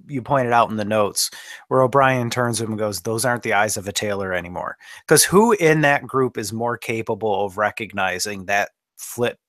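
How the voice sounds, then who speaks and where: A man's voice: on the low side, sharp tone, no room sound, studio quality. A man co-hosting a podcast, chatting casually about an episode in an enthusiastic, nerdy way. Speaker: podcast co-host. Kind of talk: casual chat.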